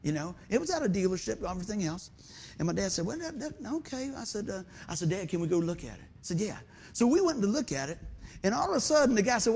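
Male pastor, folksy sermon storyteller, husky voice pitched high with lots of swing. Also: very animated, quick pace, a little mellow. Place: church sanctuary.

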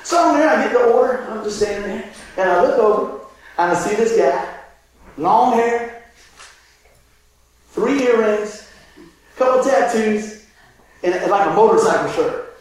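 Male pastor, sermon storyteller, animated with shouts; very high voice, big echo. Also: a little slow, pauses often. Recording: very echoey hall, distant mic, faint noise.

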